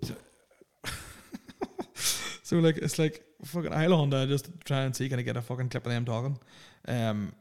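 Young lad, mid-pitched, hosting a loose solo podcast full of swearing and jokes. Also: male voice, fairly even intonation, normal speed, long pauses, a little mellow. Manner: rambling, profane and jokey. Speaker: podcast host. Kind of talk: casual solo podcast chat.

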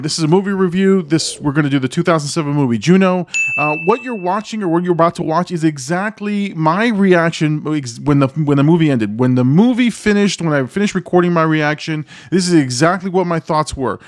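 A man's voice: on the high side, brisk, hardly any pauses, slight background noise. A man hosting a movie reaction channel, giving a casual spoken review. He thinks aloud, searches for words, circles back on himself and speaks openly about his feelings.

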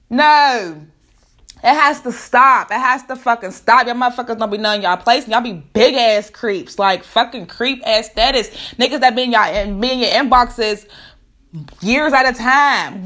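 Brash high-voiced woman ranting. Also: moderate pace, fairly bright tone. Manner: profane, emphatic, rhetorical. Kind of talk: blunt rant to camera.

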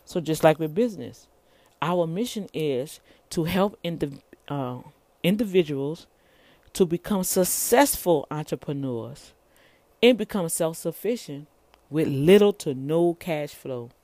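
A middle-aged entrepreneur gives a casual, preachy motivational rant, calling her listeners y'all and repeating words often. Her low, mellow voice moves a little slowly with lively intonation, and there's no room sound.

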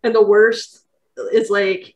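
A woman's voice: mid-range voice, little pitch movement, takes it slowly, darkish tone, rough recording. A young woman co-hosting a podcast in casual chat, candid and laughing, swearing now and then. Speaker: podcast co-host.

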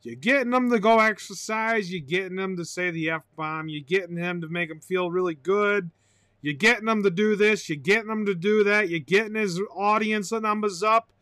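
A high-voiced man rambles through a solo podcast monologue. He is excitable and profane, breaking into loud outbursts and laughter. The sound is dry and close, with no room echo. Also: moderate pace, smooth. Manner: excitable, swears loudly, bursts into shouting and laughter. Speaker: podcast host.

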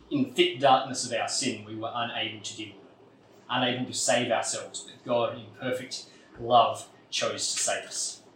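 A man's voice: medium pitch, slight background noise. Earnest man preaching in an echoey hall. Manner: earnest, builds emphasis then drops to quiet. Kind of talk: sermon. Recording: echoey room, mic at a distance.

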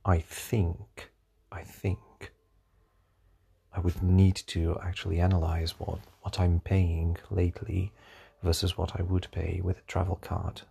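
A man's voice: low voice, monotone, unhurried, creaky, dark tone, husky. A young adult man with an accent that mixes British, American and Portuguese sounds, musing aloud in a solo podcast from home, sighing and restarting as he goes. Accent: mix of British, American and Portuguese. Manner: musing and rambling, with sighs and restarts. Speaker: podcast host.

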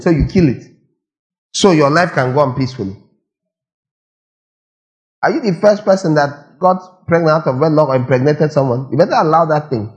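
A man's voice: fairly high pitch, fairly quick, pauses often. A man preaching a sermon, firing rhetorical questions and repeating lines for emphasis. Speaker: pastor.

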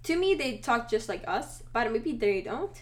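A woman's voice: a little high, sing-song, normal speed. A woman co-hosting a casual chat, talking in a chatty, giggly, playful way. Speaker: podcast co-host.

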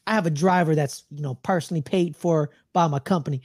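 A man's voice: a little high, quick pace, darkish tone, no room sound, studio quality. A man co-hosting a sports podcast, ranting in a loose, slangy way and repeating himself. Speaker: podcast co-host. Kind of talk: casual sports chat.

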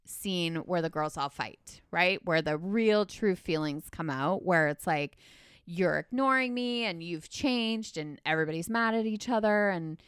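A woman's voice: lowish voice, a bit bright, clear, resonant tone, no echo, clean studio sound. A woman recapping a movie in casual chat, rambling and full of filler words.

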